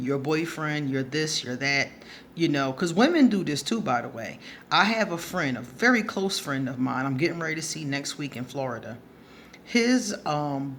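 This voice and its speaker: A woman with a low-pitched voice tells a story to answer one of her subscribers, vlogging advice in a blunt, profane, casual monologue full of laughter. A little hiss or hum sits under the recording.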